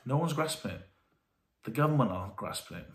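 Male vlogger, earnest and halting, speaking from home in a room with audible echo. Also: mid-range voice, expressive, slight background noise. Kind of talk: candid talk to camera. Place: warm room indoors at home.

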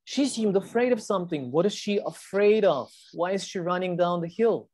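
A woman's voice: on the low side, lively intonation, normal speed, darkish tone. A woman teacher reading a storybook aloud to children on a video call and patiently explaining the words.

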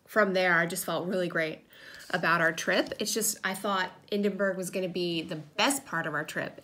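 A woman's voice: on the low side, a bit bright. A woman in her thirties chatting casually with lots of fillers as she tells stories during a crafting vlog at home. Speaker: crafting vlogger. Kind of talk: casual chat while crafting. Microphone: camera propped on a table.

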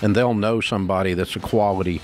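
A man's voice: on the low side, fairly even intonation, fast, darkish tone, soft background music. A man hosting a call-in advice show, talking bluntly and emphatically in a folksy way. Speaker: radio show host giving financial advice.

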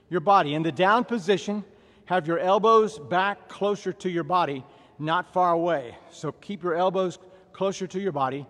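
A man's voice: sits high, a bit bright, big-room sound. A man with a Southern American accent leading a workout class, barking drill-style commands and counting repetitions. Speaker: fitness instructor. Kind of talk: workout instruction.

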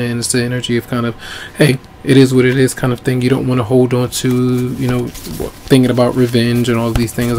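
A man giving a casual tarot reading, easygoing and rambling, his voice going hoarse. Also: medium pitch, darkish tone, slight background noise. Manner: easygoing, rambling with many ums. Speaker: tarot reader.

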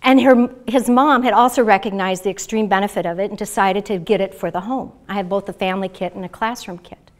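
A middle-aged woman, founder of a self-care method, calmly guides listeners through exercises and tells stories with enthusiasm. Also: medium pitch, a little fast, hardly any pauses. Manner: calm, guiding, enthusiastic. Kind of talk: guided instruction and storytelling.

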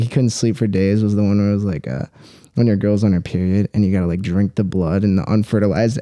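A man's voice: mid-range voice, a little mellow. A young man chatting casually as a podcast guest, rambling with many fillers and frequent laughs.

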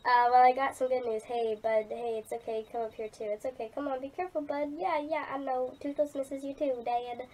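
A young woman reading aloud her old fanfiction, voicing a grieving young male chief who speaks softly and earnestly to his late father. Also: sits high, steady tone, brisk, few pauses, voice pushed up, natural voice. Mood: sorrowful. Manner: soft and heartfelt.

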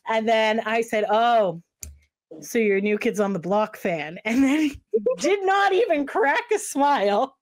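Animated woman telling a travel story. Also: a little high, moderate pace. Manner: animated storyteller, acts out quotes in voices. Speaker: podcast co-host. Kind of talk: casual chat.

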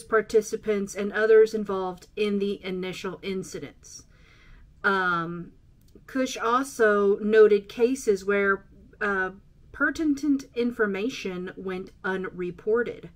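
A woman hosting a casual solo podcast, reading from her notes with many ums and uhs. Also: mid-range voice. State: out of breath. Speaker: podcast host.

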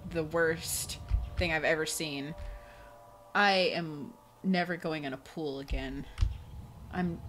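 A woman's voice: low voice, a little hiss or hum. Jumpy, swearing woman playing a game. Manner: jumpy, profane, laughing reactions. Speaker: let's play gamer. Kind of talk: live gameplay commentary.

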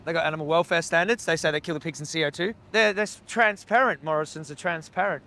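A high-pitched man with a bright, cutting voice, heckling workers and passers-by outside a slaughterhouse. He talks bluntly and swears freely as he argues. The sound comes from a handheld camera out on the street. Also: fast. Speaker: animal rights activist. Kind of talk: confrontational street activism. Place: outdoors by a slaughterhouse.

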